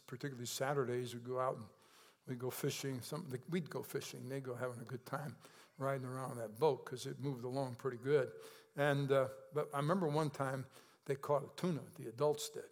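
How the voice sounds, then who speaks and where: A man preaching a sermon in a conversational way, asking the congregation questions and rising in pitch and volume when he stresses a point. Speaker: pastor.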